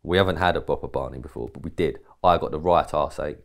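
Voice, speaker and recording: A man from England talks in a very deep, low-pitched voice. He rambles through a casual podcast story, jumping into quoted dialogue and swearing now and then. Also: quick pace, creaky. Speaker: podcast co-host.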